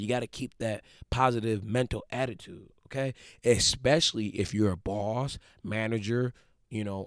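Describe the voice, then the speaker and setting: A man in his twenties giving a casual motivational talk, slangy and animated, acting out quick quoted voices. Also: lowish voice, no echo, studio quality. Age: 20s.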